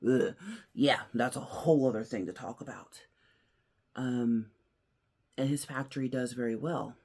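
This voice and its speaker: A man with a gravelly, husky voice talks through a story in a casual commentary. He leans hard on some lines and drops to a hush on others. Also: medium pitch. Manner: earnest storyteller, swings between loud emphasis and hushed near-whispers. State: emotional, near tears. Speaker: host.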